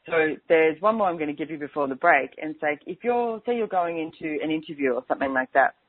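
A woman's voice: low voice, animated, quick pace, no room sound. Woman chatting over a tinny phone line. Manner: chatty, keeps saying "and it's like". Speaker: radio show host. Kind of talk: casual on-air talk.

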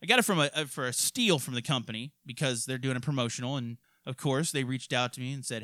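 A man hosting a casual podcast from his studio, ranting and swearing constantly with loud outbursts. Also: mid-range voice, quick pace, few pauses, dry recording. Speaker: podcast host. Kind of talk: profane ranting podcast chat.

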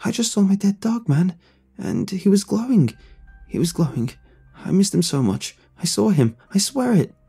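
Man reading a wide-eyed, frantic teen boy for a storybook; breathless and pitched way up. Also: very animated, moderate pace, gravelly, dark tone, breathy edge, soft background music, heavily acted.

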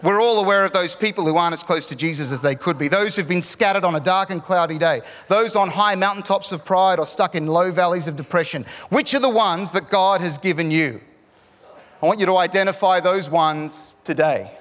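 A middle-aged Australian man preaches with an animated, jokey storytelling manner, pushing up to shouts at the big moments. His voice sits a touch high for a man. It rings out with a long echo, as in a large hall. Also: a little fast. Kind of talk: sermon with storytelling. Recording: echoey hall.

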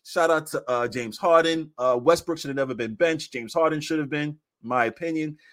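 A man in casual sports podcast chat, animated and laughing, acting out quotes as he talks basketball. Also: fairly high pitch, brisk.

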